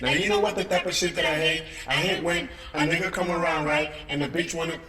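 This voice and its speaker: A man voicing a brash, loud woman who rants crudely about fake friends. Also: on the high side, steady tone, quick pace, voice pushed up. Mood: ranting. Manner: crude, profane, shouting rant. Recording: echoey room with crowd behind.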